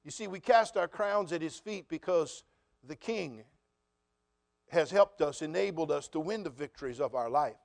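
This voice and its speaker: High-voiced preaching pastor, emphatic. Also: male voice, animated, moderate pace, gravelly. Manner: storytelling, rising to emphatic preaching; addresses congregation directly with questions. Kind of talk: sermon.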